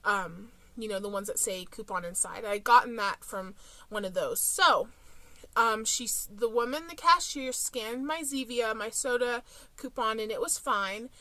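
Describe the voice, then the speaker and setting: A woman's voice: on the high side, a little slow, pushed and bright, dry recording. A young woman vlogging about couponing, telling a story in a chatty, casual way with frequent fillers.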